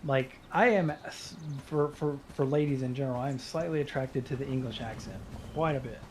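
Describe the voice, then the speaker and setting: A man's voice: mid-range voice, fairly quick, background noise. Rambling, hesitant American guy. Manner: hesitant, rambling, lots of fillers. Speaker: co-op player. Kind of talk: casual gaming chat.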